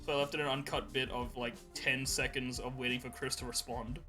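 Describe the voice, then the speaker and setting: A man's voice: medium pitch, level tone, fairly quick, pushed and bright, soft background music. A young man co-hosting a podcast, telling rambling stories in casual chat and laughing often. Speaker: podcast co-host.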